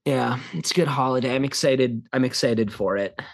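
A man's voice: mid-range voice, normal speed, creaky. A young man co-hosting a casual podcast about films, rambling with many restarts and fillers. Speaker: podcast co-host. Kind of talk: casual film chat.

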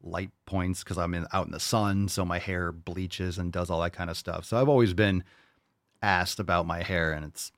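A man's voice: low-pitched, steady tone, moderate pace, fairly bright tone, no echo, clean studio sound. A man hosting a podcast and answering listener questions in casual chat, blunt and profane, mocking with disbelief. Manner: blunt, profane, mock-incredulous.

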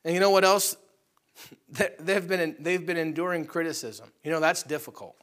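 A pastor preaching a conversational sermon to his congregation, swinging between loud animated outbursts and quiet asides. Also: on the high side, normal speed.

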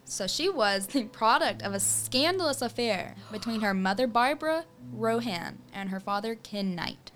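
A woman co-hosting a casual true-crime podcast, chatting as she reads out case facts with quick asides. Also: fairly high pitch, lively intonation, fairly bright tone, slight background noise. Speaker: podcast co-host.

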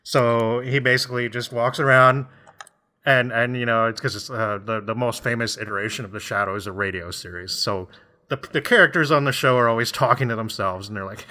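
Man, bright tone, mid pitch, casual book chat, laughs a lot. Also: brisk. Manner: rambling, laughs often, acts out voices.

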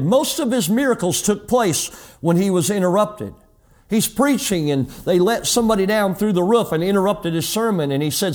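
A middle-aged pastor preaching a sermon and telling a personal story, acting out the dialogue in changing voices. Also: male voice, high-pitched, lively intonation, normal speed.

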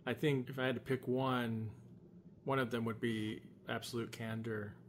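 A co-host in a casual fan discussion who gives opinions in a measured, relaxed way. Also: mid-range voice, a little hiss or hum. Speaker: podcast co-host.

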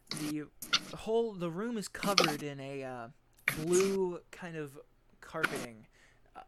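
A man's voice: fairly high pitch, noisy background. A man narrating a tabletop game as game master in a casual style, with frequent fillers.

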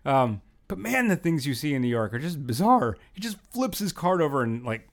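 Rambling, animated male podcast host. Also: a little high, moderate pace. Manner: animated, rambling, lots of fillers and restarts. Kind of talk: casual storytelling monologue.

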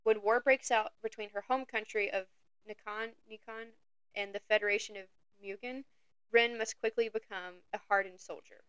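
A young woman co-hosting a book podcast, soft-spoken and hesitant with many ums. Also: medium pitch, fairly even intonation, normal speed, smooth, no echo, dull audio. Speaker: podcast co-host. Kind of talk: casual chat about books.

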